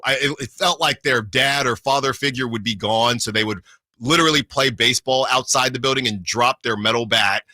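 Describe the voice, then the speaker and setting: Radio host guy telling a story, bright forceful voice, keeps repeating himself, dry studio sound. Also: mid-range voice, a little fast, no room sound. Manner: animated storyteller, acts out quotes, repeats himself. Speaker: sports radio fill-in host.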